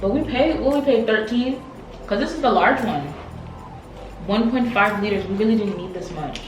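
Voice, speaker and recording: A woman's voice: medium pitch, moderate pace. A young woman co-hosting a casual eating vlog, chatting in a laid-back, playful way. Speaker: vlog co-host. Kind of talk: casual mukbang chat. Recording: roomy sound with background music.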